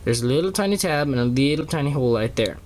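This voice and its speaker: A man walking through a toy transformation in a casual review, talking haltingly with many fillers and self-corrections, recorded on a camera on a small tripod. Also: mid-range voice, lively intonation, a little mellow, a little hiss or hum.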